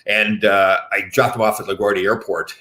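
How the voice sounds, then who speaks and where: A man's voice: fairly low pitch, little pitch movement, moderate pace, sharp tone. A man in his fifties hosting a casual interview, rambling with lots of fillers and restarts. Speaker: podcast host.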